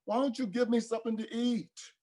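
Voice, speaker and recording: A man voicing a hungry small child who begs for food in a high, pleading voice. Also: steady tone, a little fast, a little mellow.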